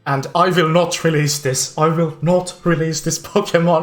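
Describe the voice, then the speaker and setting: A game streamer with a Finnish accent, casually chatting with viewers, excitable and laughing often. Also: medium pitch, moderate pace, soft background music. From Finland. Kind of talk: casual livestream game commentary.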